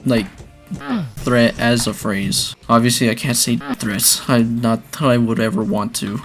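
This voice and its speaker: A young man gives casual, rambling commentary while he plays a zombie shooter, his voice pitched in a middle register. He spikes into excited outbursts when the game goes wrong. Faint game music plays behind him. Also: measured pace. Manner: chatty and rambling, with bursts of excitement. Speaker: gaming video creator.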